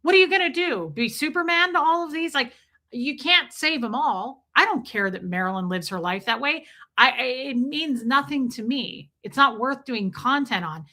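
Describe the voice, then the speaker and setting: Blunt, profane woman with a bright voice. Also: high-pitched, animated, moderate pace. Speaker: livestream host. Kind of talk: live-stream commentary, reading super chats.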